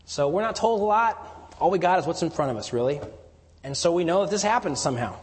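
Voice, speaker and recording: A man preaching a sermon, moving from emphatic lines to hushed, near-whispered stresses. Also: fairly high pitch, lively intonation, fast talker. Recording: long hall reverb.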